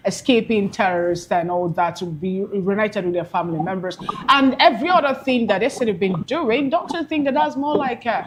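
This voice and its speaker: A woman's voice: medium pitch, expressive, brisk, background noise. A woman co-hosting a live discussion, putting long, probing questions to a guest. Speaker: co-host.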